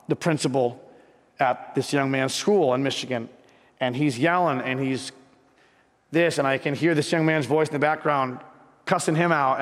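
A man's voice: on the high side, a bit bright, big-room sound. A man preaching a sermon as pastor, telling a personal story earnestly and building to fervent emphasis.

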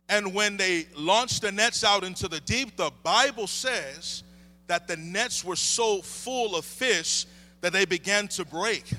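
Man preaching with bright, ringing fervor. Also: high-pitched, expressive, measured pace. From United States. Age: 30s. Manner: impassioned preaching with rising emphasis and repeated refrains. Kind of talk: sermon with opening prayer.

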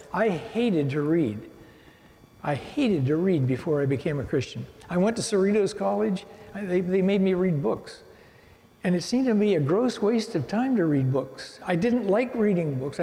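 A man's voice: on the high side, mellow. An older man giving a rambling church testimony, telling his life story with many restarts. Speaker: guest speaker giving testimony. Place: church sanctuary. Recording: reverberant hall.

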